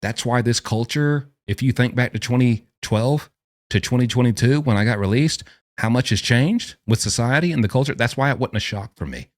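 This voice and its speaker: A man who is a former prisoner giving an animated, ranting commentary full of emphatic rhetorical questions. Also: mid-range voice, normal speed, no room sound, studio quality. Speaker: vlogger and former prisoner explaining prison life.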